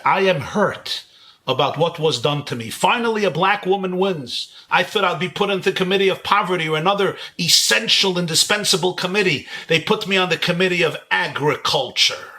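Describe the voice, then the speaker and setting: A man from Brooklyn quoting an upset congresswoman in a lowered, aggrieved voice during a lecture. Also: animated, normal speed, sharp tone. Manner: aggrieved, insistent. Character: upset, indignant woman congresswoman.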